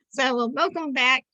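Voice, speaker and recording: A middle-aged woman hosting a podcast with a somewhat high voice, talking in a loose, chatty way with plenty of restarts and little jokes. She is heard over a video call, and the sound is dry and close, with no room around it. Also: a bit bright, dry recording, dull audio. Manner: chatty and rambling, self-correcting, joking. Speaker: podcast host. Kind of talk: casual interview introduction.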